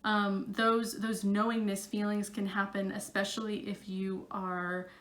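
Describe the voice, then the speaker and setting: A woman's voice: medium pitch, level tone, measured pace, roomy sound. A woman psychic coach talking casually to her camera, chatty and full of fillers.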